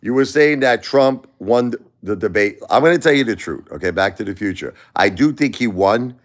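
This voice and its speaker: A man's voice: on the low side, expressive, normal speed. A middle-aged man hosting a livestream, talking bluntly and emphatically, often repeating himself. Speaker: livestream host. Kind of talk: casual opinion talk.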